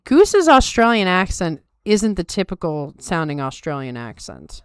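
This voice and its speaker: Hosting a podcast, a weary woman chats casually and wryly with viewers in the live chat, full of self-deprecating remarks. Her voice is fairly low, sing-song, clear and resonant, at a measured pace, in a dry recording with clean studio sound.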